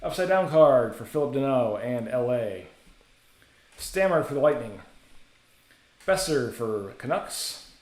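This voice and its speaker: A man's voice: medium pitch, expressive, a little slow, long pauses, darkish tone. Male card-break host, casual rattling delivery, echoey room. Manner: casual, chatty, rattles off names. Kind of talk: live card-break commentary.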